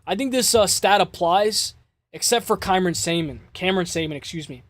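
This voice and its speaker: A man hosting a casual MMA show, breaking down fights in an excitable way, swearing and repeating himself. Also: high-pitched, fairly quick, no room sound. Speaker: MMA podcast host.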